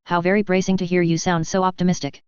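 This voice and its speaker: A woman's voice: on the low side, flat delivery, fast, smooth, no echo, natural voice. A woman reading fan fiction aloud, voicing an exhausted, sardonic young male wizard with a clipped, dry drawl, on a dull lo-fi recording. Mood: dry, prickly.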